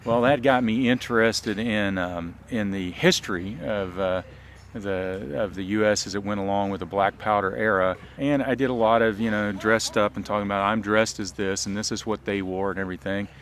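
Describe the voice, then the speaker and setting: Interviewed outdoors, a Southern Illinois man who reenacts and teaches biology talks at a normal speed in a voice on the low side. He sounds relaxed, often saying um and uh and restarting, with slight background noise present.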